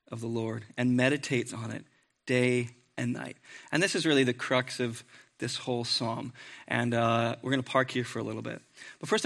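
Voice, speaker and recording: A man's voice: mid-range voice, fairly bright tone. A man preaching a sermon in a conversational way, with joking asides to the congregation.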